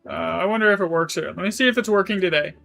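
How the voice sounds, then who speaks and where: High, bright-voiced male streamer. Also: fast talker, vocal fry. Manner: casual, rambling, self-correcting, swears. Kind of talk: live gaming stream chat.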